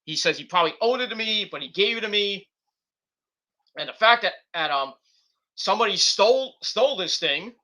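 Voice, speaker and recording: A man on a live stream gives a loose, rambling recap of a wrestling show, full of fillers and restarts. His voice sits high and sounds very bright and sharp. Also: expressive, normal speed.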